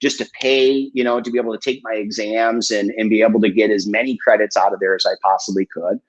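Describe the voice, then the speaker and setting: Man, husky voice, candid and profane, dull lo-fi stream audio. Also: fairly low pitch, steady tone, quick pace. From Michigan, USA. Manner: candid and profane, with many fillers. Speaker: guest coach. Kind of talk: casual storytelling in a live interview.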